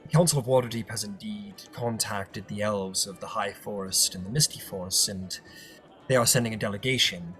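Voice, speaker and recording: A man voicing a solemn council master who delivers formal news in a measured way. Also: on the low side, a bit bright, faint music behind, pitched below the performer's own voice, natural voice.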